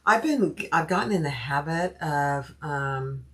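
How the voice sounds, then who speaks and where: A woman with a deep voice and lively intonation talks at a measured pace during her sewing livestream. As she cuts fabric, she chats casually, muses aloud, and greets viewers by name.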